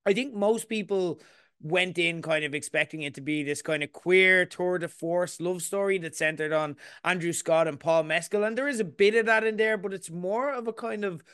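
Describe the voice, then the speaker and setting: A man's voice: sits high, moderate pace, fairly bright tone, smooth, no room sound, clean studio sound. A young man co-hosting a film podcast, talking through a review with enthusiasm and detail. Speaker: podcast co-host. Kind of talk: casual film review chat.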